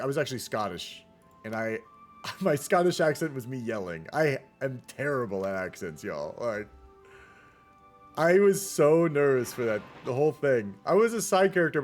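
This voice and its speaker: A man giving casual, rambling commentary on a strategy game replay and chatting with his viewers. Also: mid-range voice. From United States. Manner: rambling, chatty, talks to the chat. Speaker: game caster.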